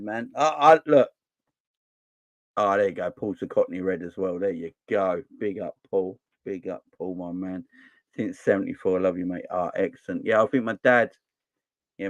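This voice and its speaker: Speaking low-pitched with no echo, a southern English fan channel host in his forties runs a relaxed live stream and responds to what viewers write in the comments.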